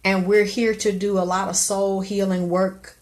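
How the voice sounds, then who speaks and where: Woman, middle-aged, live stream host, blunt, profane, preachy, mid-pitched voice. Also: little pitch movement, normal speed. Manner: blunt, profane, preachy, swings to loud exclamations. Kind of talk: live stream advice talk.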